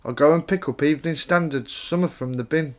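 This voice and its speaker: A man with a voice on the high side reads his own rhyming verse at a fairly quick clip. He's an author from Staffordshire, England, keeping things plain and chatty with casual intros between poems.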